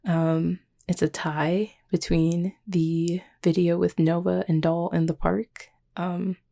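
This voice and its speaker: A young adult woman chatting casually as she answers fan questions, soft-spoken and hesitant, with many pauses and ums. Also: on the low side, creaky. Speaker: audio drama creator answering fan questions. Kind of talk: casual Q&A chat.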